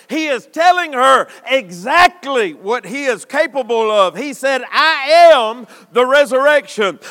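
A man preaching a sermon, building to shouted emphasis with long dramatic pauses. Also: very high-pitched, big pitch swings. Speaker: pastor. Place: church sanctuary. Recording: long reverb of a church hall.

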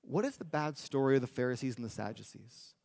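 A male preacher giving a sermon in a conversational style, often asking the audience "right?" and slowing down for emphasis. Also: medium pitch, animated, vocal fry, a little mellow, no echo, studio quality. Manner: conversational, with tag questions and emphatic slowdowns.

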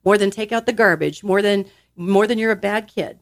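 A woman's voice: moderate pace, no echo, clean studio sound. A woman giving an emphatic, upbeat motivational talk on a podcast. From grew up in a large Italian family. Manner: animated, emphatic, acts out little quoted voices; expressive, swinging pitch.

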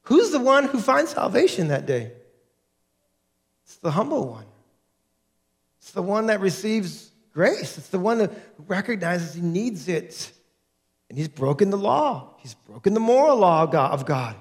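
A man preaching a sermon as a pastor, animated and acting out the people he quotes. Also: high voice, a little slow. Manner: animated, acts out quoted voices in his preaching.

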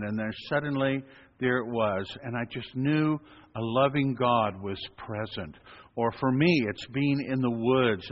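A man preaching as a priest, telling stories at an unhurried pace with gentle humor. His voice is mid-pitched and carries a long echo from a large hall. The recording sounds dull and lo-fi. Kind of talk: sermon.

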